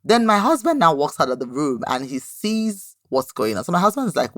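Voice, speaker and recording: A woman in her thirties hosting a podcast, giving a motivational talk with lively storytelling and a frequent questioning "right?". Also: low-pitched, a little fast, dry recording, studio quality. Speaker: podcast host.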